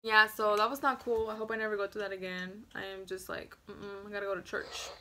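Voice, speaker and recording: A woman in her twenties, a vlogger telling a story to camera in a rambling, casual way, full of "like" fillers, hushing at the scary parts. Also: mid-range voice, little pitch movement, a little fast, a little hiss or hum.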